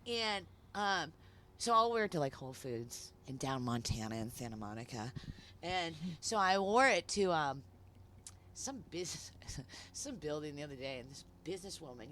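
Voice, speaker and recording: A woman tells stories in an animated way, swearing freely and mimicking the people she talks about. Her bright, sharp voice swings widely in pitch. Faint outdoor ambience sits behind her on the patio. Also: a little hiss or hum. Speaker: artist guest. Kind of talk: casual chat, storytelling.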